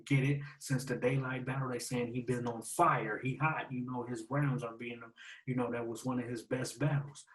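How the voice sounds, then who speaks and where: A man hosting a casual breakdown of battle rap lines, repeating and slowly spelling out the wordplay in street slang. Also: medium pitch, steady tone, rough recording.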